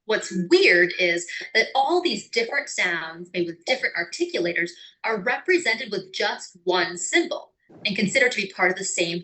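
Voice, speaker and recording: A woman with an American accent giving clear, scripted educational narration. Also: mid-range voice, sharp tone, poor audio. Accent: General American. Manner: clear, explanatory, with sung or acted example words.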